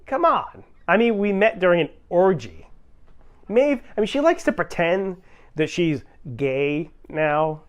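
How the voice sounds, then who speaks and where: A man's voice: high voice, big pitch swings, unhurried, clear, resonant tone. A man delivering crude, smug gossip with occasional laughs in a mock band interview. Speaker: comedy troupe performer. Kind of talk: improv mockumentary band interview.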